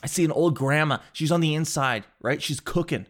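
A man telling a comic story in a loose, animated way, swearing and acting out other people's voices. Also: on the high side, brisk. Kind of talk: comedic storytelling monologue.

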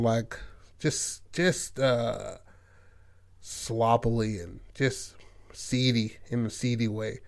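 Man, podcast host, casual film recap, profane, filler-heavy, mid-pitched. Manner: loose and profane, full of "like" and "you know what I mean". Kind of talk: casual retelling of a film plot.

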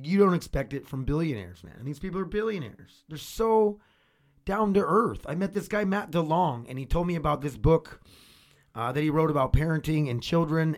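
Rambling, cursing man talking at home. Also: a little high. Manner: rambling, swears freely, repeats words and restarts. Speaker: vlogger. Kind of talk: casual rambling monologue. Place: home room with laundry machine running.

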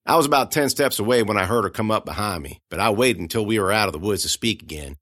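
A man narrating a first-person audiobook in a folksy, conversational way, going hushed at grim moments. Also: fairly low pitch, lively intonation, fast, few pauses, no echo, studio quality.

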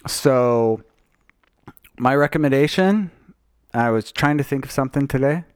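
Lively, joking podcast co-host man. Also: medium pitch, unhurried, clear, resonant tone, dry recording, clean studio sound. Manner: animated, joking, swears freely. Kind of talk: casual chat.

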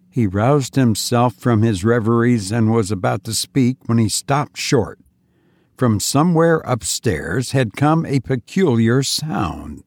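A man narrating a first-person story in a measured, even way. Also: mid-range voice, no room sound, studio quality. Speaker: audiobook narrator.

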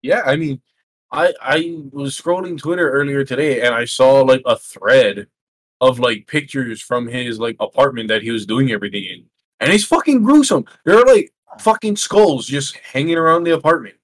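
A man co-hosting a casual podcast who laughs often, swears and gets excited as he talks. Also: mid-range voice, normal speed, poor audio. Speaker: podcast co-host. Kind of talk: casual chat.

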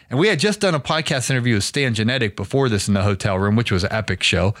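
A man's voice: mid-range voice, fast, dry recording, studio quality. A man hosting a podcast, telling a long story in a loose, rambling way and acting out quoted lines. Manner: rambling storyteller, animated quoting. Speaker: podcast host. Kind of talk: casual podcast chat.

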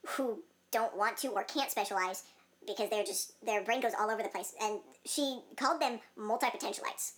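A woman's voice: mid-range voice, a little fast. A young woman in casual chat, rambling with many fillers and laughing often.

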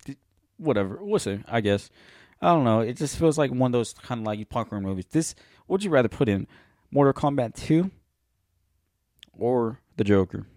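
A man with a mid-range, slightly mellow voice and lively intonation co-hosts a podcast at a moderate pace. The chat is loose, rambling and casual, and he swears often. The recording is dry and clean, with a studio sound.

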